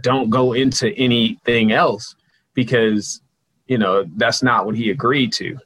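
A man being interviewed as a guest, telling casual stories and acting out the people he quotes in a higher, louder voice. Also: unhurried, rough recording. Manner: animated storyteller, jumps higher and louder when quoting people. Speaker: guest, sports PR consultant.

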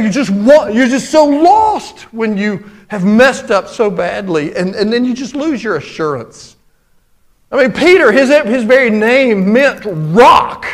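High-voiced preacher, folksy and dramatic. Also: male voice. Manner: folksy, conversational preaching with lots of y'all and man; swings from loud and emphatic to hushed and low. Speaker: pastor. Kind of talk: sermon.

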